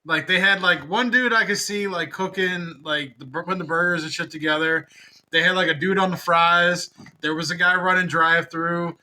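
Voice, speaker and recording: A man's voice: high-pitched, steady tone, normal speed, sharp tone, a little hiss or hum, poor audio. A young man in casual podcast chat, rambling with lots of filler words and cursing. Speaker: podcast co-host.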